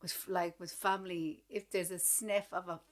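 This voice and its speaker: A woman in her thirties with an Irish accent, co-hosting a podcast and chatting casually, blunt and animated as she acts out what people said. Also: on the low side, moderate pace. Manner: blunt, animated storytelling with acted-out quotes. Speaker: podcast co-host. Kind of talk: casual chat.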